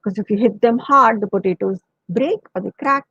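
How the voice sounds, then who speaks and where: Woman doing a stern farmer dad, scolding loud, husky, kinda dull radio audio. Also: medium pitch, fairly quick, no echo.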